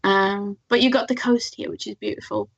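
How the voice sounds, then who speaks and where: This woman speaks with a gravelly edge to her voice. She chats in an easygoing way and laughs often. The sound is a little dull and lo-fi. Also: medium pitch, fairly even intonation, normal speed, dry recording. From Sweden. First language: Swedish. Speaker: guest artist. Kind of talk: casual interview chat.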